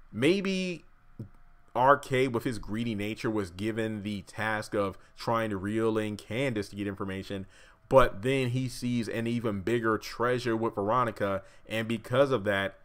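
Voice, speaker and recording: A man giving a casual fan-theory commentary on a TV drama, rambling and correcting himself, with wry asides. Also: fairly low pitch. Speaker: YouTube TV commentator.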